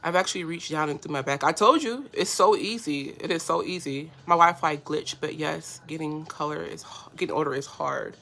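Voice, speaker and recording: This beauty livestream host talks at normal speed in a low, creaky, fairly bright voice with few pauses. While applying makeup at home in front of her phone's front camera, she chats, responds to comments she reads aloud, and gets easily moved.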